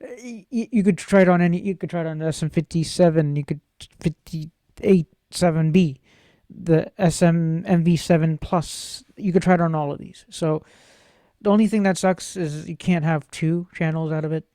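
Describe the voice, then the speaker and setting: A man's voice: on the high side, moderate pace, warm tone, dry recording. A man vlogging casually, playful and jokey, rambling to himself about gear and laughing often, close on a studio microphone.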